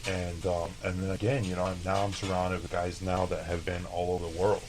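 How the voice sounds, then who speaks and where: Man from el paso, very low voice, laid-back, profane, chef guest. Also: flat delivery, brisk, a little mellow, slight background noise, low-quality recording. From El Paso, Texas. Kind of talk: casual interview storytelling.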